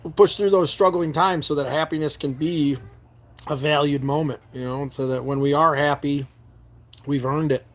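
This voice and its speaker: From his camper van, a man from New York State runs a live stream, reading and replying to viewer comments sincerely and earnestly. His voice is a little higher than most men's, with a steady tone and normal speed, and he often stumbles and repeats words as he reaches for them.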